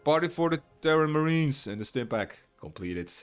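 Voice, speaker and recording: A man casting a real-time strategy match live, chatty and quick to burst into excited shouts. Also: fairly high pitch, clean tone, faint music behind. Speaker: esports caster. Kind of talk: live play-by-play game commentary.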